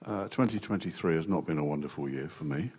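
A man giving a halting, emotional personal testimony to a church congregation. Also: a bass voice, vocal fry, darkish tone, slightly rough. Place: church hall. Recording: long church reverb.

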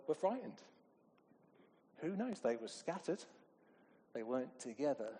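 A man's voice: mid-range voice, warm tone. A middle-aged man preaching a sermon in a conversational way, asking his congregation questions. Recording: echoey hall with long reverb.

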